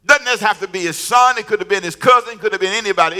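A middle-aged man preaching a sermon with humor and storytelling, calling on the congregation to repeat lines after him and shouting his emphatic declarations. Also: sits high, fast. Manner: call-and-response, urging the congregation to repeat lines; storytelling with humor, laughing at his own jokes. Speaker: pastor.

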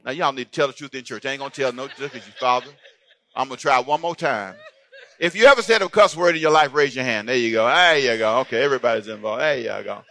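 A man's voice: medium pitch, fast talker, bright, forceful tone. A man preaching a sermon as pastor, playful and calling out to his congregation for responses.

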